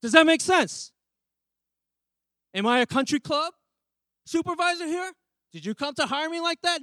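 A man's voice: very high voice, animated, moderate pace, pauses often, bright, forceful tone, no echo. A man who is a pastor, preaching a sermon and often asking the congregation questions. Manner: emphatic, asks the congregation questions. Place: church.

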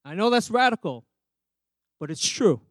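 A man's voice: high voice, sing-song, moderate pace, no room sound. A man who is a pastor, preaching a sermon and often asking the congregation questions. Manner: emphatic, asks the congregation questions. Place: church.

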